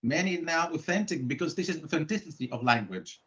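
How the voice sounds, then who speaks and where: Measured man discussing English varieties. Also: fairly high pitch, lively intonation, fairly bright tone, highs cut off, a little hiss or hum. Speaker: English language expert. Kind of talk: discussion in an online exchange.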